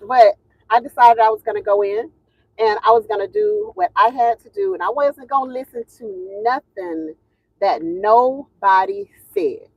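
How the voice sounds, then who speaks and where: Speaking unhurriedly at medium pitch, a woman from the Southern US runs a casual livestream, greeting viewers, telling a story, laughing a lot, and drawling her phrases. There's no room sound, and the lo-fi recording is dull and dry.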